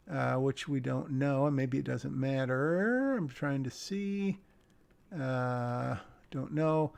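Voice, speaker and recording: Slow, gravelly man thinking aloud. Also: a little high, darkish tone. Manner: thinks aloud, hesitant, mutters the script under his breath. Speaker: screenwriting commentator. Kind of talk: casual critique of a screenplay.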